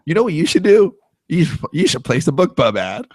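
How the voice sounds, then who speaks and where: A man's voice: on the high side, big pitch swings, a little fast, no echo, voice pushed up. Chatty old guy giving advice, eager and friendly, a man putting him on in a story, dry close sound.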